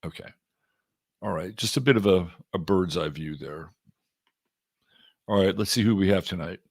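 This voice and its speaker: A man's voice: deep voice, moderate pace, creaky, dry recording, clean studio sound. A middle-aged man from Texas hosting an astrology livestream, chatting loosely and greeting viewers by name. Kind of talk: casual livestream chat.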